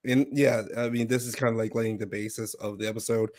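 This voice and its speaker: A man's voice: lowish voice, little pitch movement, a little fast, darkish tone. A man co-hosting a casual TV review chat, easygoing and analytical, laughing often. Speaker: podcast co-host.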